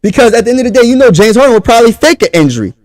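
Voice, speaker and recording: A man's voice: extremely high pitch, sing-song, very fast, darkish tone, no room sound. A man from Pennsylvania, hosting a casual livestream sports talk show and talking straight to his chat in a hyped way.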